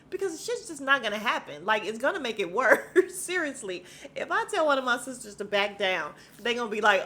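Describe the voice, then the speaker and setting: A woman's voice: medium pitch, normal speed, slight background noise. Laughing, slangy woman recapping TV. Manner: animated, laughing, slangy storytelling. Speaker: podcast host. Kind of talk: casual reality TV recap.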